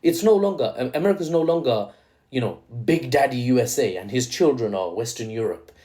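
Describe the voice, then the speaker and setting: A man's voice: medium pitch, lively intonation, a little fast, mellow. A man hosting solo geopolitics commentary, casual and analytical, checking in with "right?" after his points and adding playful asides.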